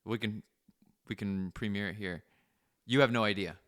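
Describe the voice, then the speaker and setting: A man's voice: lowish voice, steady tone, moderate pace, a bit bright. A young adult man hosting a casual podcast chat, joking and laughing often. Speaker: podcast host.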